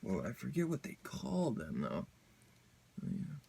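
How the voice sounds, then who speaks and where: A man's voice: medium pitch, wildly swooping pitch, moderate pace, vocal fry, warm tone, slightly rough. A man hosting his own comic book review channel, talking casually and rambling with lots of fillers, restarts and slang.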